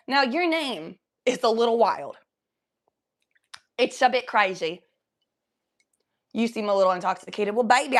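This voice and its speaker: A young woman hosting a casual livestream from her room at home, talking loosely, high and coughing from smoke. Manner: loose, chatty, often coughing between lines. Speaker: livestream host. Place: home bedroom.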